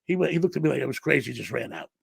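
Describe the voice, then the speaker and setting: A middle-aged man, a podcast guest, telling a story in an animated way and acting out the dialogue. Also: medium pitch, very fast, vocal fry, breathy edge, dry recording.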